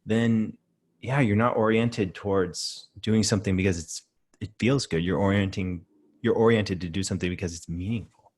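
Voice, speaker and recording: Host, man from Pittsburgh, low husky voice, reflective and rambling, on a video call. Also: steady tone, normal speed. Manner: reflective, rambling, trailing phrases. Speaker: interview host, coach training co-founder. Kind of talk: casual conversational interview.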